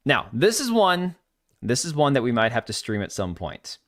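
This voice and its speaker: Male stream host, casual rant commentary, very animated delivery, dry close sound. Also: mid-range voice, normal speed, dry recording. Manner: ranting, blunt and mocking. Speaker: livestream host.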